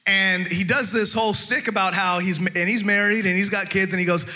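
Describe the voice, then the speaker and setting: A man's voice: high-pitched, steady tone, fairly quick, sharp tone. A male pastor giving a chatty, humorous sermon, stumbling over restarts and acting out quotes.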